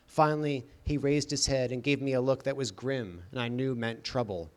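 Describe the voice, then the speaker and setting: A man narrating an audiobook in the first person with a deadpan, dry delivery. His pitch sits in the middle of the range for a man. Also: normal speed.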